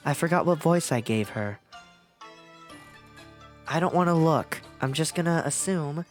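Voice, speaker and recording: A man's voice: a little high, animated, moderate pace, pauses often, soft background music. A man streaming a story game, chatting casually with crude jokes and lots of swearing. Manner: crude, joking, swears a lot.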